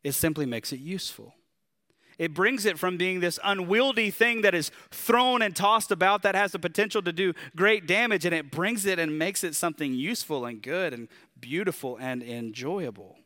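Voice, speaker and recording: Southern guy preaching, kinda high bright punchy voice, talks casual, lots of questions. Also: normal speed. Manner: conversational and animated, with rhetorical questions. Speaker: pastor. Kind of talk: sermon.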